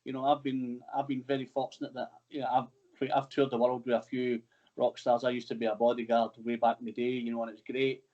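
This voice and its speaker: A man's voice: mid-range voice, flat delivery, fast talker, darkish tone. Chatty man hosting over lo-fi audio. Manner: chatty, swears freely, teasing. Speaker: podcast host. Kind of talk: casual interview chat.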